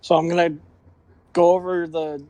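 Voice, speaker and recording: High-voiced man playing a tabletop game. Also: little pitch movement, moderate pace, warm tone, slight background noise. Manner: eager, laughing player talk. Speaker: player. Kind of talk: casual tabletop game chat.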